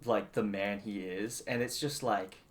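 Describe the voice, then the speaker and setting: A man's voice: lowish voice, fairly even intonation, unhurried. A man co-hosting a casual movie review podcast, talking animatedly with lots of restarts and frequent laughter. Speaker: podcast co-host.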